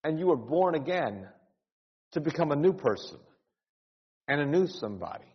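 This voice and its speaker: A male pastor delivers an earnest, urgent sermon in a fairly high, sing-song voice at a moderate pace, often repeating words and rising into cries. The recording sounds dull, with a long hall reverb.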